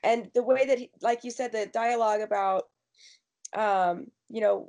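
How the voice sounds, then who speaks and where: A woman hosting a casual TV recap chat, quick and emphatic as she gives her opinions. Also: fairly high pitch, a little mellow. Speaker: podcast host.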